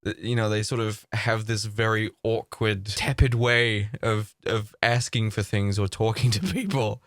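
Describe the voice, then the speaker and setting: A man hosting a reaction video, ranting in animated, sarcastic casual commentary and swearing freely. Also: fairly low pitch, a little slow, no echo, studio quality.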